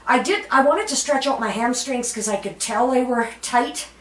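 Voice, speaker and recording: A woman fitness instructor calmly cueing floor exercises, chatty, laughing at herself, with cheerful whoops and slightly out of breath from exercising. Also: a little high, moderate pace. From Canada. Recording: roomy echo, voice from a distance.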